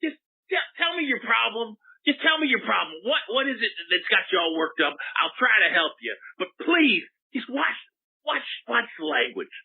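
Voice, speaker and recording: A man's voice: sits high, sing-song, normal speed, vocal fry, breathy edge, phone-quality sound, full character voice. A man playing a flippant pop psychologist from Oklahoma who hosts a comedic call-in show, prissy and easily rattled, stammering when callers swear. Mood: flustered. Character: flippant middle-aged male pop psychologist radio host.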